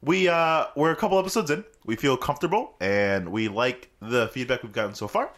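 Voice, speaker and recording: A man's voice: medium pitch, a little fast, fairly bright tone. A young man from Puerto Rico, co-hosting a podcast in playful, joking banter with a friend. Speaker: podcast co-host. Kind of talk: casual chat.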